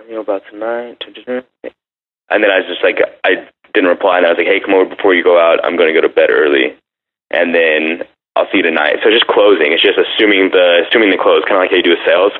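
A man in casual chat, telling a brash dating story and acting out text messages. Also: sits low. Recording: phone-like narrow sound.

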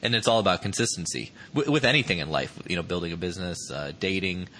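Podcast host guy, bright tense voice, a bit low pitched, candid chat. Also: expressive, fast talker, slight background noise. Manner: reflective, candid, casual swearing. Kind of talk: conversational podcast interview.

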